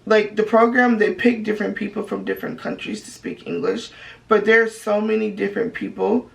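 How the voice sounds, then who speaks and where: A woman's voice: mid-range voice, brisk, gravelly, poor audio. An American woman who teaches English, chatting casually and acting out the voices she quotes. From United States. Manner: lively, acts out quoted voices. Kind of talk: casual chat.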